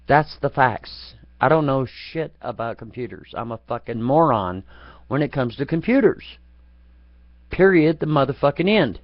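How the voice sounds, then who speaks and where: A man's voice: fairly high pitch, no room sound. A man hosting a live chat broadcast, rambling in a profane, taunting and mocking way. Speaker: chat room moderator. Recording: dull lo-fi, dry.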